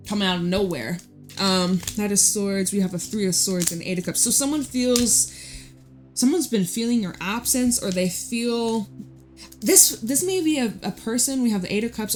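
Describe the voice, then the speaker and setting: A woman's voice: medium pitch, darkish tone. A woman giving a casual tarot reading to her viewers, chatty and frank, with laughing asides and the odd swear. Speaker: tarot reader.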